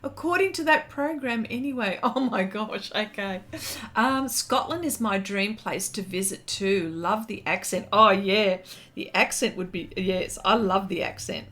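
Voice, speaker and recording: A woman's voice: mid-range voice, unhurried, fairly bright tone. Chatty Australian woman reading livestream comments. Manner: chatty, reads comments aloud with frequent fillers and laughs. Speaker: art livestream host. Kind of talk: casual livestream chat reading viewer comments.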